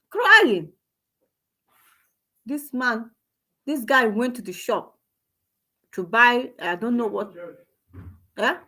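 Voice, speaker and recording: A woman's voice: mid-range voice, a bit bright. A woman with a Nigerian accent delivering an emotional, exclamatory commentary monologue, repeating herself and calling out to God. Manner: emotional, repetitive, exclamatory, preachy. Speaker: online commentator.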